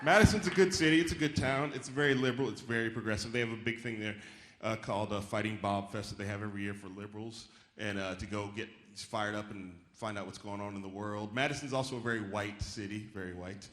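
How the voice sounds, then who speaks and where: A man's voice: lowish voice, steady tone, fast, fairly bright tone. A man doing a stand-up comedy set on a theater stage, talking casually and riffing with the audience, now and then mimicking chirpy voices. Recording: roomy live hall with faint crowd noise. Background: audience laughter.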